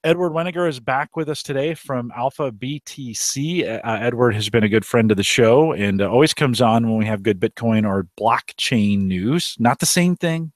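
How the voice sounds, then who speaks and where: Chatty and rambling, this Omaha-area podcast host keeps restarting his sentences as he runs a live tech show from a deck outside in the United States. His mid-range voice moves at a moderate pace with hardly any pauses, and there's no echo.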